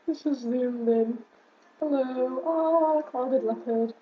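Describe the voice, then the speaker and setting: A woman's voice: high voice, slight background noise. A young woman streaming a game, chatting and giggling between reading the on-screen text aloud, with fond asides. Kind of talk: casual let's play commentary and reading game text aloud. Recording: slightly muffled home stream audio.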